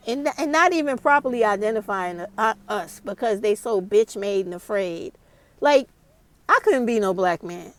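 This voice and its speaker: A woman's voice: medium pitch, lively intonation, moderate pace, dry recording. A woman vlogger ranting to camera, blunt and heated, with a lot of swearing. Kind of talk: casual rant to camera.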